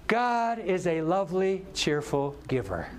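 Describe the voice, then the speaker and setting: A man's voice: sits high, very animated, measured pace, a little hiss or hum. A man voicing a little girl who drills her dolls on a memory verse in a sing-song, bossy way.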